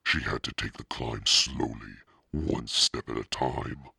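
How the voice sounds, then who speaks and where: A demonic Satan narrator reads a spooky storybook in a bottomless, gravelly rumble. He drags out every word slowly and menacingly, his breathy rasp sitting close in a completely dry studio. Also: sharp tone, dry recording, exaggerated voice. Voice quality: extremely deep, gravelly and husky. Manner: slow, menacing storytelling drawl. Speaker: podcast narrator. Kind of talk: scripted narration.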